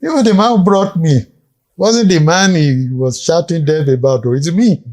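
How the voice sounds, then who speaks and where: A man's voice: a little high, moderate pace, a little mellow. An older man with a Nigerian accent, a guest recounting past events in vivid storytelling and acting out the dialogue. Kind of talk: storytelling reminiscence.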